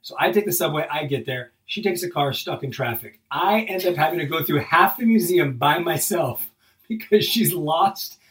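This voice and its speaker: A man's voice: on the high side, normal speed. Guy telling a travel story, gets all worked up, kinda far from the mic. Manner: animated storyteller, acts out exasperated quotes. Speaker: co-host. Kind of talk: casual storytelling chat.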